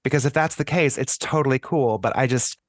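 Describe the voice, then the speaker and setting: A man's voice: mid-range voice, a little fast, no room sound, clean studio sound. An American man speaking as a podcast guest in a casual discussion. He thinks aloud, chats freely and often restarts his sentences.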